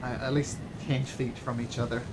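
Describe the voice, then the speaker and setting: A man's voice: mid-range voice, little pitch movement, background noise. A man running a tabletop game as game master, narrating scenes with frequent fillers and restarts. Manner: descriptive, halting with fillers and restarts.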